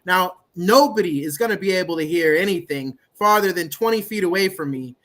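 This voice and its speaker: A high-voiced man on a live chat who keeps insisting on his version of events. He explains his reasons at length, pressing each point. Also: fairly quick, fairly bright tone. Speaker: activist guest.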